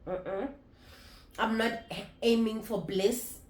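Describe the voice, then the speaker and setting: A woman in her thirties talking candidly to camera in a casual vlog, reflective and halting, often restarting her sentences. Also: fairly high pitch, steady tone, a little mellow. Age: 30s. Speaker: vlogger. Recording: roomy echo.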